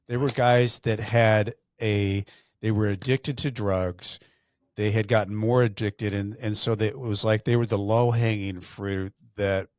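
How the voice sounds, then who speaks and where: A man's voice: on the low side, dry recording, clean studio sound. A man hosting a podcast in casual interview talk, asking rambling, self-interrupting questions. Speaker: podcast host.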